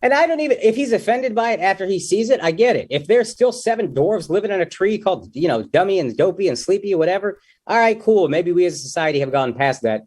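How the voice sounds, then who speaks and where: A man's voice: high-pitched, animated, quick pace, hardly any pauses, darkish tone, breathy edge. A young man, a comedian guest in a casual interview, talking loosely and jokingly, with lots of "dude" and "like".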